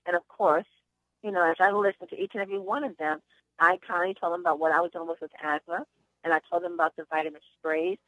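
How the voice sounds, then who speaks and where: A woman's voice: on the low side, fairly even intonation, quick pace, a bit bright, no echo. A woman hosting a conference call, telling chatty stories and giving upbeat sales encouragement over a phone line. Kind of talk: motivational sales talk with anecdotes.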